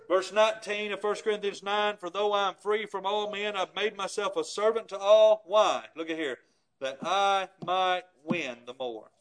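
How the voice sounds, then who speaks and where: A man with a high-pitched voice delivers a sermon. He preaches with emphatic force, slowing and pressing hard on the scripture he reads. His pleading builds through the passage.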